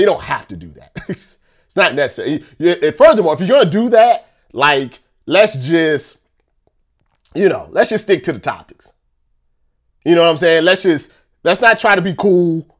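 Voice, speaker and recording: A man talking in a casual rant, repeating himself and firing off rhetorical questions. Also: a little high.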